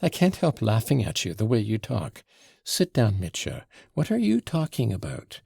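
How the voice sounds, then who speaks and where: A man's voice: fairly low pitch, wildly swooping pitch, vocal fry, darkish tone, breathy edge, dry recording, clean studio sound, heavily acted. A man reading an audiobook, voicing a teasing, imperious young woman who scolds insistently. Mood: mocking. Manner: insistent, reproachful, quick to scold.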